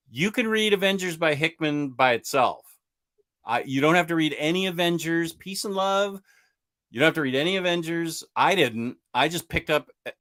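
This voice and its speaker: Male comic book host, slightly high voice, eager and rambling, casual live chat. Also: a bit bright. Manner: enthusiastic, rambling, reading out viewer comments.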